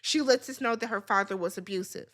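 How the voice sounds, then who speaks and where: A woman's voice: medium pitch, fast talker, a bit bright. A woman hosting a reality TV recap, talking casually and bluntly, swearing freely as she gives her opinions.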